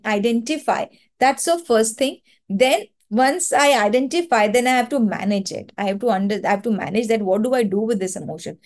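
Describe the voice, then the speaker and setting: A woman's voice: fairly high pitch, darkish tone. A woman with an Indian accent leading an online training webinar, talking in an earnest, coaching way and repeating words for emphasis over a video call mic. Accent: Indian English.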